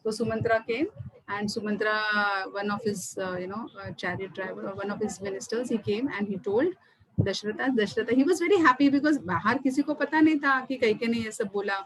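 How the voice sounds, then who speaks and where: A woman telling a story to an online class over a video call, animated and often repeating words. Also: medium pitch, rapid-fire, slight background noise, rough recording.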